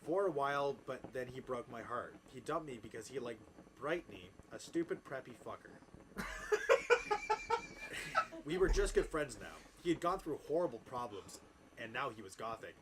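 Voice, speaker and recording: A man's voice: medium pitch, normal speed. Brief: male podcast host, comedic reading, dry delivery, cracks up now and then, noisy ambience. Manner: deadpan reading, breaking into laughter and asides.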